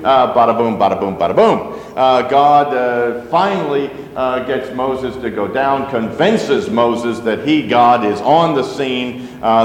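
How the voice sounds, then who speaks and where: A man's voice: medium pitch, a little hiss or hum. Man preaching in a reverberant sanctuary. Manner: conversational, asides and fillers. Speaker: pastor. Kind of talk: sermon. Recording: roomy sanctuary with long reverb.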